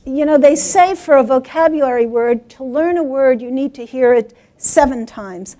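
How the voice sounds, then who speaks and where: A woman giving a workshop talk to teachers, animated and acting out stories. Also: high voice, moderate pace. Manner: animated, acts out voices. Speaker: guest speaker for teachers.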